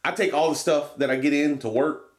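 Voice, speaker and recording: A man's voice: fairly high pitch, a little fast. A man reviewing a vape box in a rambling, swearing, laid-back vlog. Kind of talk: casual product review vlog.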